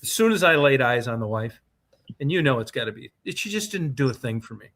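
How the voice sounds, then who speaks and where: A man's voice: medium pitch, lively intonation, fast, fairly bright tone. A man co-hosting a podcast, telling a long, profane anecdote in casual, rambling chat. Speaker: podcast co-host. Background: co-host's short reactions.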